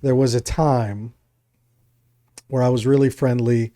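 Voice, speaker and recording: Guy from Jersey, podcast co-host, rambling casual storyteller, middle-pitched voice. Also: fairly even intonation, a little slow, warm tone. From New Jersey, USA. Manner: rambling storyteller, acts out other people's lines.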